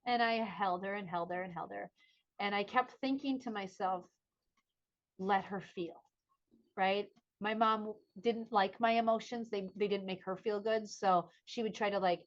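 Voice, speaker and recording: Animated woman telling a family story. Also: mid-range voice, moderate pace, muffled recording. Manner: animated storytelling, acts out quoted voices. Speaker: podcast co-host. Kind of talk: casual chat.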